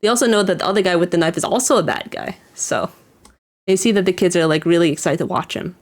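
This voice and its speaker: Woman, casual reaction commentary, rambling, filler-heavy, slightly low pitch. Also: quick pace. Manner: rambling, lots of "like" and restarts, chuckles while describing scenes.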